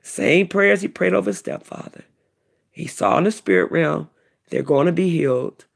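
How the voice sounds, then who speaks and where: Middle-aged woman, emotional testimony, gravelly and husky, lively pitch. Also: moderate pace. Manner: animated, repetitive storytelling. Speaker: vlogger, self-described prophetess.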